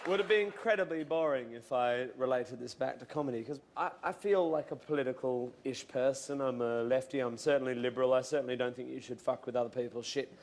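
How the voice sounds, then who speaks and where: A man's voice: medium pitch, brisk, hardly any pauses, darkish tone. A man on a comedy panel, talking things through in a thoughtful way, with frequent restarts and casual swearing.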